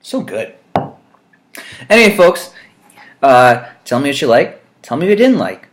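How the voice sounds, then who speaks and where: A man telling funny stories as a vlog monologue, wry and rambling, with loud mock voices for the people he quotes. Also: medium pitch, very animated, a little slow, a little hiss or hum. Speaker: vlogger. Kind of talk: humorous storytelling monologue.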